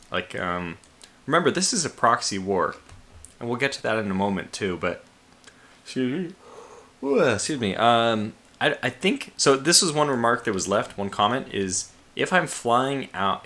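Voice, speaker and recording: A man with a lowish but bright, forceful voice talks through a strategy game at his desk. He thinks aloud, restarts his sentences and sounds a little sleepy, stifling yawns. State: sleepy, yawning. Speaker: let's play host. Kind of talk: casual game commentary.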